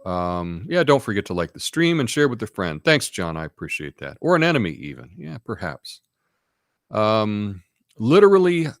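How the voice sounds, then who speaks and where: A man's voice: lowish voice, dry recording, studio quality. A man hosting a casual live stream, rambling in an offhand way and reading out chat comments.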